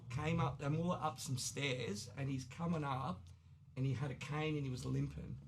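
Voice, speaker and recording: An Australian man in his forties tells stories on a podcast, animated and foul-mouthed, acting out each quoted line. His voice sits a little high with a gravelly fry. A faint hiss runs under the recording. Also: moderate pace. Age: 40s. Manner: animated, swearing, acts out quoted dialogue. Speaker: tattoo artist guest. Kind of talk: casual storytelling.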